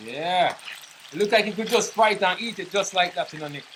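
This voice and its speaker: Jamaican man, slightly high voice, easygoing patois cooking chat, faint sizzle behind. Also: brisk, noisy background. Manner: relaxed, chatty, patois phrases. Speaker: cook. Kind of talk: casual cooking demonstration.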